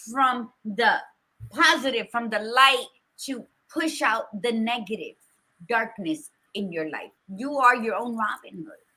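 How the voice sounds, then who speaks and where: A woman's voice: on the high side, sharp tone. A woman co-hosting a podcast, giving blunt, profane motivational talk in a casual chat. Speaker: podcast co-host.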